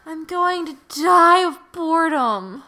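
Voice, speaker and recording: A woman's voice: very high-pitched, animated, slow, pushed and bright, voice pushed up, heavily acted. A woman reading the lines of a bored, whiny teenage schoolgirl from a visual novel.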